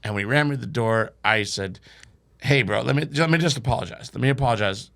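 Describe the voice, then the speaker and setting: A man's voice: mid-range voice, fast talker, vocal fry, fairly bright tone. A young man telling a wild story on a comedy podcast, acting out quotes and swearing freely. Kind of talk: casual storytelling.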